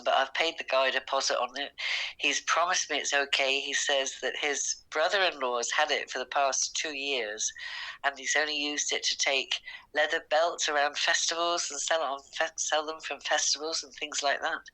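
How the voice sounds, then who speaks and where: An older British woman talks over the phone with a bright, forceful voice. She tells her story in a chatty, rambling and emotional way, tumbling from one detail to the next. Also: deep voice, low-quality recording. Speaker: podcast host's mother on a phone call. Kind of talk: excited phone chat. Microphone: phone call recording.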